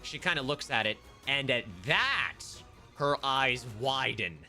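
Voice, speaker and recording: A man narrating a tabletop game as its game master, with a bright, ringing tone. He talks loosely and casually, full of "um"s and small restarts. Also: medium pitch, measured pace, soft background music. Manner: relaxed, rambling with fillers.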